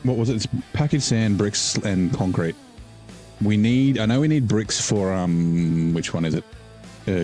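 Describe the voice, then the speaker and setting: A man's voice: lowish voice, normal speed, darkish tone, faint music behind. A man casually commenting while he live-streams a game, rambling and joking with his viewers. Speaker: gaming streamer.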